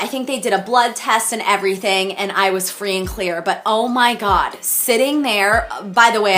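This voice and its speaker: A woman in her thirties telling stories to camera in a casual vlog, chatty and animated, full of fillers and acted-out exclamations. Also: fairly high pitch. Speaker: celebrity wardrobe stylist telling stories.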